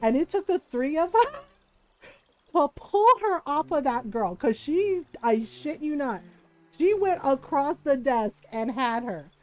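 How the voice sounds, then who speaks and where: A woman's voice: high voice, slow, low-quality recording. A woman streamer telling a casual story to her chat, laughing often and acting out what people said. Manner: animated, laughs often, acts out quoted voices.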